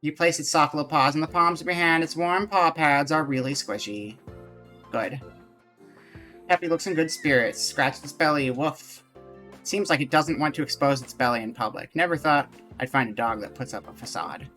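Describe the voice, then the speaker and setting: A man's voice: fairly high pitch, normal speed, sharp tone, faint music behind. A man casually chatting to his viewers while he plays a game and reads its text aloud. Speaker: streamer. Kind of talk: casual live game commentary.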